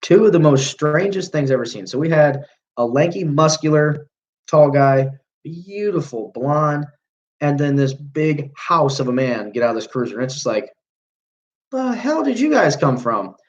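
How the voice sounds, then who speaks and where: His voice a little high and moderately paced, a young man hosts a livestream and rambles through a long story in a muffled recording. He swears a lot and corrects himself mid-sentence along the way.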